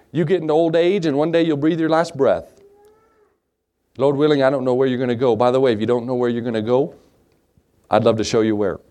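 Male pastor, lively storyteller, pitch swinging widely, laughs through the story. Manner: animated storyteller, laughs often. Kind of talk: sermon with a personal story.

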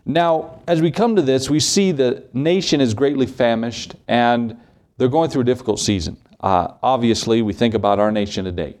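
Man, preacher, emphatic sermon delivery, rhetorical questions, middle pitch. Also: moderate pace, darkish tone.

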